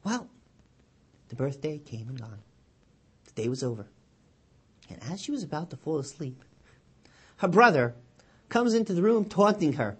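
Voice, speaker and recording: A man, a rabbi, giving a weekly Torah sermon, telling a story with lively quoted voices and then dropping low and quiet to draw the lesson. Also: normal speed, long pauses, slightly rough. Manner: animated storyteller, loud and high when quoting.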